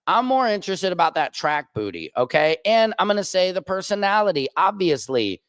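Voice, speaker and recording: A man's voice: sing-song, brisk, fairly bright tone, dry recording. Crude rambling male streamer, dry sound. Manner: crude, rambling and profane, with big swings in pitch. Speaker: streamer host. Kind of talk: casual livestream monologue.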